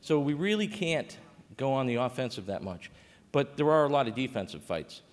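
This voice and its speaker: A man's voice: mid-range voice, animated, normal speed. A man giving a conversational conference panel talk as a state coordinator, with frequent fillers and restarts. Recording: reverberant conference hall.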